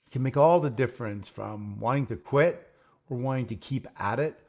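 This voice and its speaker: A man with a gravelly voice at an ordinary pitch, talking casually as a program host. He tells stories and acts out the lines of the people in them. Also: normal speed, darkish tone. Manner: storytelling, acts out quoted exchanges. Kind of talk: casual conversational chat.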